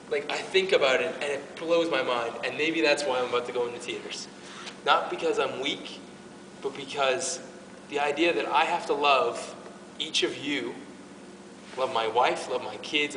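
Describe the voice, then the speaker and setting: A man's voice: fairly high pitch, a bit bright, distant mic. Man, youth group faith talk, earnest, stumbling restarts, echoey hall, faint room noise. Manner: earnest and emotional, with frequent restarts. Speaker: parish youth ministry speaker.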